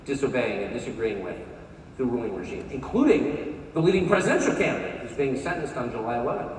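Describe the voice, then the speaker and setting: A man's voice: mid-range voice, animated, quick pace, slight background noise. A man, giving a sarcastic, mocking speech at a conference. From United States. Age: 50s. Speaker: conference speaker. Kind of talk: live speech to an audience. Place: large conference hall. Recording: echoey hall from far off, faint crowd.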